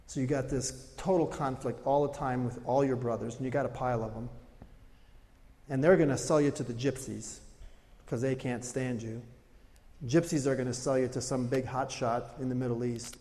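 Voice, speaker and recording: A man's voice: medium pitch, dark tone. A male pastor preaching a sermon in a casual, conversational storytelling way, often repeating words as he builds up. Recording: reverberant hall.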